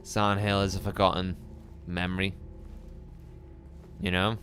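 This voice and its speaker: A man streaming a live game playthrough, chatting with viewers in a relaxed, musing way. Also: deep voice, a little slow, soft background music. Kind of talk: live gameplay commentary.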